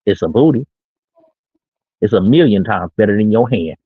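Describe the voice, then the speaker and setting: A middle-aged man streams from his own small studio, giving dating talk in a casual monologue full of brash, boastful, slangy street talk. His fairly low voice is animated with a breathy edge, moving at a moderate pace. The recording is dry and sounds tinny, like a phone line.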